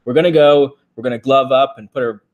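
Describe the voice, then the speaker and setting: This is a man co-hosting a weekly live stream, chatting with viewers in a relaxed way. His talk is loose and friendly, with frequent ums and likes as he thinks aloud. He speaks at a medium pitch. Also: fast talker, highs cut off, a little hiss or hum. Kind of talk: casual live-stream chat.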